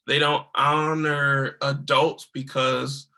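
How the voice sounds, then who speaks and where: Man, bright forward voice, podcast host, opinionated, slangy, casual chat. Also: mid-range voice, level tone, takes it slowly.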